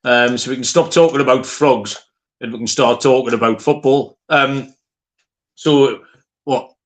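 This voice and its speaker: A man hosts a podcast in a relaxed, casual way. His voice is middle-pitched, and he jokes, laughs easily and wanders off into asides. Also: unhurried. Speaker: podcast host.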